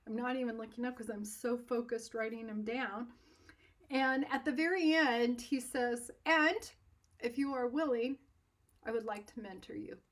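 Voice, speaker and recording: A woman telling a personal story in an animated, self-deprecating way, laughing often. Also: fairly high pitch. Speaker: art instructor.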